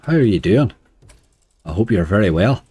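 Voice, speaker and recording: A hoarse man with a Northern Irish accent, chatting casually to viewers on a live stream. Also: lowish voice, sing-song, moderate pace, dark tone, dry recording. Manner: chatty, uses "wee" and "like" often. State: hoarse, dry throat. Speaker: slots streamer.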